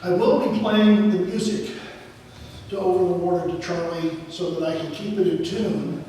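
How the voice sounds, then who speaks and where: A man's voice: high-pitched, steady tone, normal speed, dark tone, slight background noise. A man from the American South giving a folksy, rambling speech at a lodge dinner, with fillers. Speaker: speaker at a Masonic lodge dinner. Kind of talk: speech and sung poem recital. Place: lodge hall. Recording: roomy hall, voice from far off.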